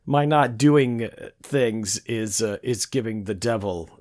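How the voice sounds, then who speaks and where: A man's voice: lowish voice, slow, a little mellow, dry recording, clean studio sound. A man in his fifties, a podcast host, chatting casually and thinking aloud in a reflective way. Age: 50s. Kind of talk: casual interview chat.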